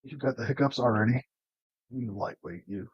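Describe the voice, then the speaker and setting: A Midwestern American man co-hosts a casual cooking chat, teasing his partner and reacting loudly to each bite. His voice sits at a middle pitch. The sound is dry and a bit dull, like a lo-fi recording. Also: moderate pace, breathy edge, dry recording. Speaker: co-host.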